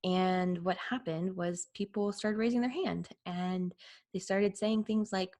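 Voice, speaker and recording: A woman, hosting a parenting podcast in a chatty, animated storytelling manner. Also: mid-range voice, a little slow. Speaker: parent coach and podcast host. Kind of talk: casual podcast monologue.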